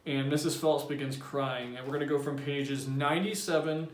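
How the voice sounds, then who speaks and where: A man, a teacher, reading a novel aloud to his class in a plain, steady storytelling voice. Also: mid-range voice, normal speed. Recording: roomy echo.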